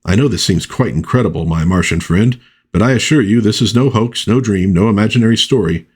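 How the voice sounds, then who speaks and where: A wholesome, old-fashioned patriotic superhero who scolds younger heroes in folksy, fatherly phrasing, read by a man recapping a comic. The voice is low and husky and sits near the reader's own. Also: a little fast, darkish tone. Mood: lecturing. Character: old-fashioned patriotic male superhero, stern but kindly.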